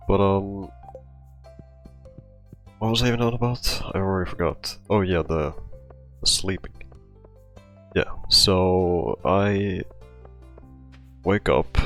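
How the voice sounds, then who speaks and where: A man with a low, deep voice tells a story slowly and casually, winded and short of breath. He rambles and trips over his own sentences. Soft music plays faintly underneath. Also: creaky. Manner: rambling, with many restarts and fillers. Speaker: storytime vlogger.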